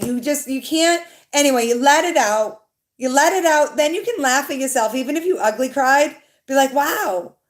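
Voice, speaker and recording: A young adult woman tarot reader hosting a livestream, chatting casually and rambling, swearing now and then, and talking to her viewers in the chat. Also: sits high.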